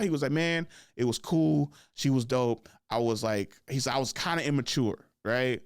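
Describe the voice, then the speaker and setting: A man in his thirties tells a story on his own podcast, loose and chatty, breaking into laughs and tagging his sentences with "right?". His voice sits in an ordinary middle pitch. The sound is dry and close, with no room echo. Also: lively intonation, normal speed. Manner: laughs often, fills with "like" and "right?". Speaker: podcast host. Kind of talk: casual storytelling.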